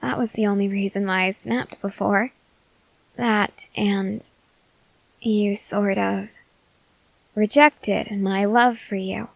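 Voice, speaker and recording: A young woman voicing an obsessive, possessive queen in an ASMR role-play, talking softly and insistently. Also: medium pitch, vocal fry, dry recording. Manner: slow, soft, controlling and insistent.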